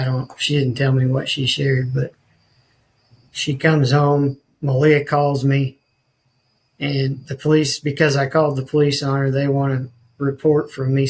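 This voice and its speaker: A man's voice: medium pitch, a little hiss or hum, rough recording. A man, a podcast guest telling his life story in an earnest, rambling way with many restarts. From rural northwest Missouri.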